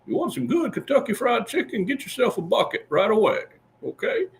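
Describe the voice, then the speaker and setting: A squeaky, high old colonel for laughs, hawking his fried chicken in a pushy, folksy way. The pitch jumps all over, shrill and sing-song, with a thick put-on drawl that keeps repeating itself. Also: wildly swooping pitch, a little fast, creaky, heavily acted. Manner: pushy, repetitive sales pitch, high strained voice. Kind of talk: comic impression.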